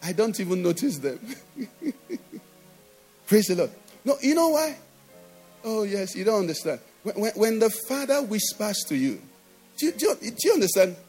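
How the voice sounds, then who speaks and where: A man's voice: sits high, very animated, normal speed, long pauses, darkish tone, husky, faint music behind. A middle-aged man with a Nigerian English accent, preaching a sermon in a church, emphatic and constantly asking the congregation if they understand. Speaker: pastor.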